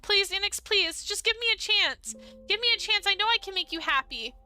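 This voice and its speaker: A woman's voice: extremely high pitch, animated, fairly quick, bright, forceful tone, soft background music, voice pushed up, exaggerated voice. A woman doing a tearful, lovesick young woman. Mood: pleading. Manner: emotional, pleading.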